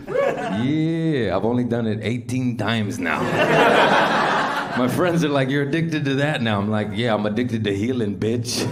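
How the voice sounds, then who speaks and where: A brash stand-up comedian with a low voice performs his set on a comedy club stage before a live audience. The club is noisy, with a loud, laughing crowd.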